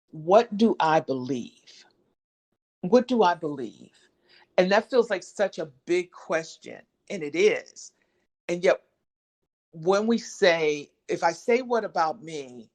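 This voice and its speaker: Encouraging woman leading a support session. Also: low-pitched. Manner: encouraging, affirming, repeats key phrases. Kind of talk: motivational workshop talk. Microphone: video call.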